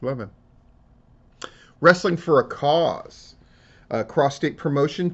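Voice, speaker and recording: A man's voice: on the high side, slow, long pauses, fairly bright tone, muffled recording. A man giving casual solo commentary on wrestling news, talking in a profane, rambling and emotional way. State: tearing up.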